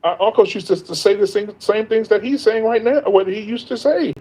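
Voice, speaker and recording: A man whose voice sits high, slightly mellow and a bit rough talks a little fast over poor audio. He's a content creator guesting on a livestream, and his casual chat is earnest and emphatic, with frequent sentence restarts.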